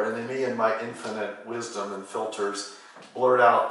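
A man's voice: mid-range voice, fairly even intonation, brisk, a bit bright. A middle-aged male pastor from California preaches in a loose, storytelling way, full of fillers and restarts. His voice rings through a very roomy church hall. He stands at some distance from the microphone. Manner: rambling, anecdotal, frequent "you know" fillers. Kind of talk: sermon. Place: church sanctuary. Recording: roomy hall, voice from far off the mic.

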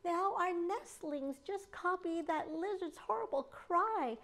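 A woman's voice: very high voice, expressive, slow pace, fairly bright tone, pitched above the performer's own voice, exaggerated voice. A woman voicing an upset robin who wails and complains in a storybook reading. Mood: wailing. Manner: wailing and complaining. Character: upset female robin, wailing.

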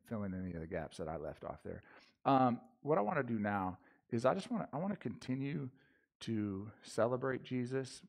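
A pastor giving an informal sermon in a church, his voice gravelly at mid pitch. He talks loosely, uses slang and restarts his sentences often. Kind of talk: casual sermon. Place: church sanctuary.

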